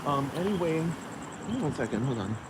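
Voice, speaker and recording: Standing outdoors near a road, a man rants through a casual, rambling podcast monologue, profane and stuffed with frequent "like" fillers. His voice is on the high side, sing-song, and a little fast. Cars and street traffic make loud noise behind him.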